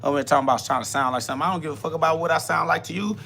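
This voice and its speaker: A man hosts a self-talk podcast, firing off a profane, combative rant. His voice sits a touch high and rings bright and forceful. He taunts and jabs with blunt certainty. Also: very fast, gravelly, a little hiss or hum. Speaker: podcast host.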